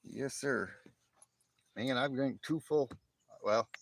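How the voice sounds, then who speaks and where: Friendly middle-aged guy hosting a morning live chat outside on a phone, laughs a lot, medium pitch. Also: slow pace, creaky. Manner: chatty, laughs often, jokey put-on voices. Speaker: livestream host. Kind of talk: casual chat to live viewers. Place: outdoors in morning sun.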